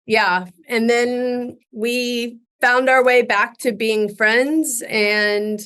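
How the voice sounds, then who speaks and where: A middle-aged woman, a guest on a podcast, telling stories from her acting career in an animated way, laughing often and restarting her sentences. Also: on the high side, drawn-out words. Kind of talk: casual interview storytelling.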